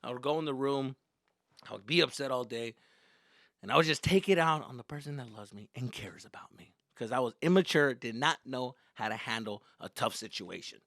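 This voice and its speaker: A man's voice: mid-range voice, a little fast, gravelly, fairly bright tone, no echo, clean studio sound. A male comedian telling casual, profane childhood stories and slipping into Spanish at times. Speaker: stand-up comedian. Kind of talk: comedic storytelling.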